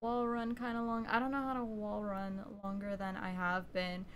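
A woman's voice: mid-range voice, flat delivery, moderate pace, a bit bright. A young woman streaming a game live, chatting to her viewers in a bubbly, talkative way. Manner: bubbly, chatty, talks to viewers while playing, frequent gasps and laughs. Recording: noisy stream audio.

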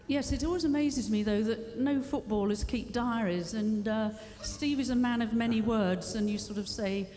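A woman speaking at a live tribute evening with a dry, teasing wit, slipping into playful mimicry of others. Her voice sits a little higher than most. It rings out in a large civic hall with a long reverb and a faint hum of noise behind it. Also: normal speed, few pauses, dark tone. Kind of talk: humorous anecdotal speech.

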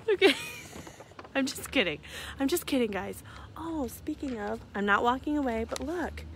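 A woman's voice: high-pitched, lively intonation, a little slow, long pauses, a little hiss or hum. Chatty giggly woman on a phone live stream. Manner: chatty, giggly, self-deprecating. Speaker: livestream host announcing charity winners. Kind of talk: casual live-stream chat. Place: outdoors near her house at night, walking around. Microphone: phone held at arm's length.

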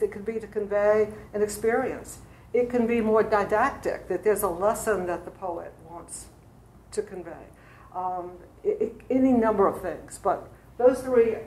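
A woman's voice: mid-range voice, a little mellow. A woman lectures an adult class in a church classroom, chatty and full of asides. The sound is roomy, as if the mic picked up the whole classroom. A faint hiss sits behind her.

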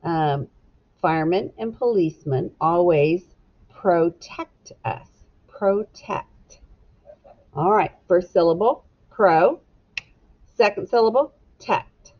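A woman with a fairly low voice leads a children's phonics lesson, slowly sounding out syllables and spelling words letter by letter. She speaks gently and encouragingly to the young learners. The recording sounds dull and lo-fi. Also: expressive. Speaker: teacher.

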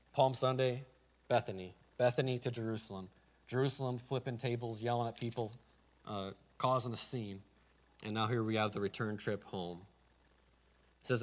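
A Midwestern American man preaches to his congregation in an easygoing, conversational way. His voice sits at an ordinary middle pitch, and he often doubles words as he starts a thought. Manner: conversational, repeats words when starting phrases. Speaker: pastor. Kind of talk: sermon.

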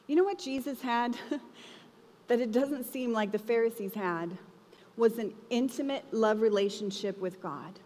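Young woman preacher, fairly high voice, chatty and animated, long church reverb. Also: normal speed. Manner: conversational, expressive, acts out quotes. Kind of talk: sermon. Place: church hall.

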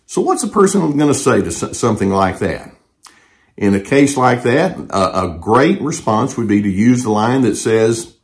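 An older man speaks in a calm, measured way, offering advice as a therapist. His pitch sits in a middle range for a man. He pauses with small fillers and restarts now and then. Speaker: therapist and channel host. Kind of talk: advice talk to camera.

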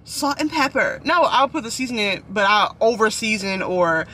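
High, bright-voiced chatty young man. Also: expressive, moderate pace, a little hiss or hum. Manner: rambling, chatty, apologetic. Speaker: vlogger. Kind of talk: casual chat. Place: inside a parked car.

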